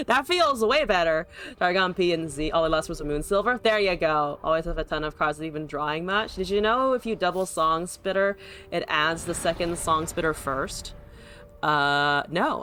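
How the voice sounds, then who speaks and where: A young woman streams a card game with a lowish, pushed, bright voice, giving live gameplay commentary. She chats casually, talks to her opponent, and laughs and swears often.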